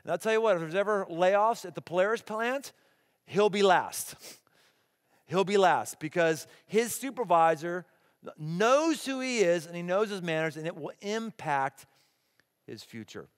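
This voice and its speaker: A middle-aged man preaching a sermon as pastor, animated and emphatic, acting out the people he quotes. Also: high voice, measured pace. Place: large church auditorium. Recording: long hall reverb.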